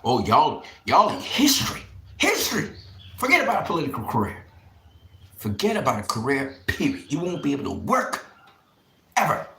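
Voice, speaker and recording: A man's voice: fairly high pitch, huge pitch swings, moderate pace, creaky, pauses often, sharp tone, echoey room, a little hiss or hum. A man hosting a boxing channel, delivering a fervent, emphatic monologue with repeated vows and drops into harsh whispers. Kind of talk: impassioned monologue to camera.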